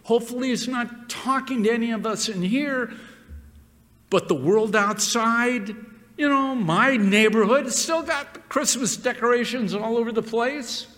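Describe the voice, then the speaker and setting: A man's voice: extremely high pitch, unhurried, fairly bright tone. A man preaching a sermon, stressing words and repeating phrases. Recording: long reverb of a hall.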